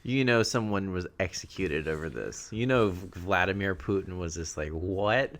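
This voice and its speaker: A man's voice: low voice, lively intonation, normal speed, fairly bright tone. A man co-hosting a comedy podcast, riffing in casual banter and laughing often. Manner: jokey, laughs often, riffs on news. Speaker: podcast co-host.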